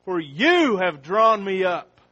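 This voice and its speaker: A man preaching a sermon. He opens with a prayer, then reads scripture slowly and with rising force. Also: sits high, very animated, highs cut off. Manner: slow and deliberate, rising loud when reading scripture.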